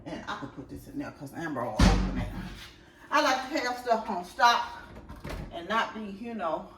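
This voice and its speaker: Very animated and medium in pitch, a woman talks at a normal speed over music, with the mic at a distance in an echoey, noisy room. She's vlogging casually at home, unpacking groceries and chatting straight to her viewers, whom she addresses directly throughout.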